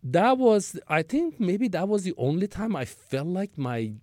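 A man in his sixties, an interview guest, tells a long, rambling work story with restarts and acted-out dialogue. His high voice is very animated, unhurried and a little mellow. The studio sound is clean with no echo.

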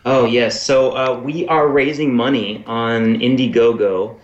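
Slow, low-voiced male guest in a roomy space. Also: steady tone, dull audio. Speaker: guest filmmaker. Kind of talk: casual interview talk.

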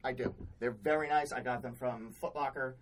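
A woman's voice: a bass voice, fairly even intonation, normal speed, poor audio. A woman co-hosting a podcast, telling work stories in a blunt, exasperated, heavily profane casual chat. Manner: blunt, exasperated, swears often. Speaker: podcast co-host.

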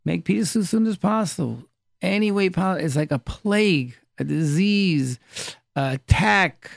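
Gravelly, dry-voiced rabbi telling stories. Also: male voice, high voice, expressive, measured pace, no echo. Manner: storytelling, repeats key phrases for emphasis. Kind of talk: informal Torah class.

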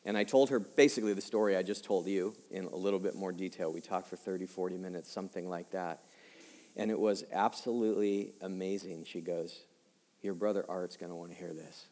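A male pastor in his fifties preaching a personal-story sermon conversationally, dropping quiet and slow for heavy moments and rising for emphasis. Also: low-pitched, fairly even intonation. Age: 50s. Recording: long hall reverb.

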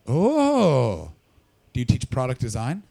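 Hoarse, gravelly man doing stand-up. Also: a little fast. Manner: loud, swearing, jumps into a shrieking high register for bits. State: losing his voice. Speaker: stand-up comedian. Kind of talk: stand-up comedy set with crowd work.

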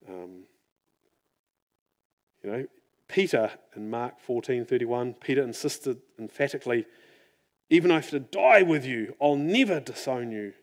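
Earnest man preaching a sermon. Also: mid-range voice. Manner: earnest, reflective, often drops to a near-hush.

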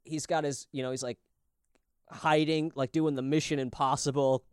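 A man's voice: on the high side, level tone, moderate pace, clean tone, no room sound, clean studio sound. A man co-hosting a podcast in loose, jokey casual chat, often laughing. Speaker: podcast co-host.

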